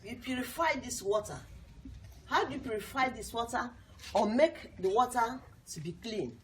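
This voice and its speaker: Woman teacher, high-ish voice, drills points, faint hiss behind. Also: lively intonation, moderate pace, fairly bright tone. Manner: repetitive, emphatic, asks the class questions. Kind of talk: classroom lesson to young pupils.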